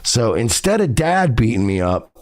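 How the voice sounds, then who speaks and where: A man's voice: mid-range voice, sing-song, normal speed, darkish tone. A man hosting a podcast, delivering a profane, confrontational ranting monologue. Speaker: podcast host.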